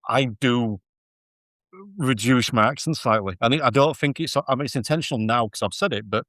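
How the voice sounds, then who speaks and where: A man with a Yorkshire accent hosts a podcast in an easygoing, self-deprecating way and laughs often. His pitch is mid-range and the recording is dry. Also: a little fast, fairly bright tone, no room sound. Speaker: podcast host. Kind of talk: casual chat.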